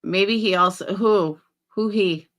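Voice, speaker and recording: A woman reads audience comments aloud on her casual livestream and answers them without softening anything, swearing freely. She moves rapidly between low mutters and loud outbursts.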